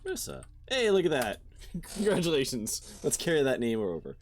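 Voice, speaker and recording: A man's voice: mid-range voice, wildly swooping pitch, a little fast, a little hiss or hum. A man streaming a let's play of a visual novel, reading the text aloud and stopping to joke about it. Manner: reads narration, then breaks off to laugh and joke. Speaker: game streamer.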